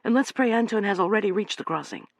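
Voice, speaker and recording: A man voicing an eager, excitable young man in an audiobook, calling out in raised exclamations. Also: high voice, fast talker, vocal fry, no room sound, voice pushed up. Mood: urgent, excited.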